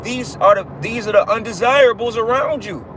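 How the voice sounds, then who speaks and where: A man's voice: very high voice, normal speed, a bit bright, a little hiss or hum, rough recording. A man giving an informal livestream sermon, emphatic and repetitive, swearing casually as he preaches.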